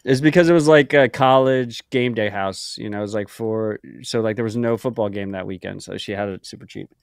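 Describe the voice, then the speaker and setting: A man's voice: lowish voice, a little fast, creaky, clear, resonant tone, no room sound, clean studio sound. A man co-hosting a podcast in casual chat, talking in a profane, rambling way full of fillers like "like" and "um". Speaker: podcast co-host.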